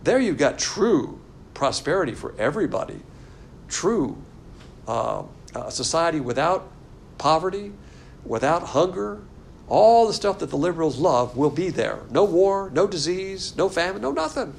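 A man teaching a Bible class in a room, lecturing in a sarcastic, animated and argumentative way. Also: on the high side, unhurried, gravelly, a little hiss or hum.

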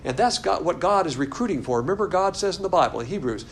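A man teaching a Bible class in a room, lecturing in a sarcastic, animated and argumentative way. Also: high voice, quick pace, gravelly, a little hiss or hum.

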